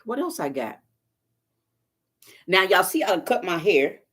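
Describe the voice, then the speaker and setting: A woman's voice: fairly low pitch, very animated, unhurried, fairly bright tone, slightly rough. Chatty woman on a live stream. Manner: chatty storyteller, talks straight to viewers, folksy phrasing. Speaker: vlogger doing a live stream. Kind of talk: casual live-stream chat.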